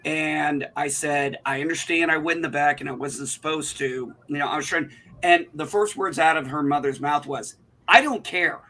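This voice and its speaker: A man's voice: on the high side, fairly even intonation, normal speed, sharp tone. A man, telling an indignant, profane story in casual chat on a livestream. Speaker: livestream co-host.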